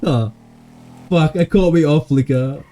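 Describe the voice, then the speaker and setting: A man's voice: on the high side, a little slow, mellow. A man chatting casually while streaming a roleplay game, slangy, swearing often and laughing easily.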